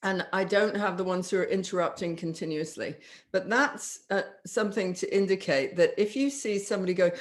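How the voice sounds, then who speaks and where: A woman's voice: mid-range voice, normal speed. Woman, business coach, casual instructive talk, acts out quoted sales lines.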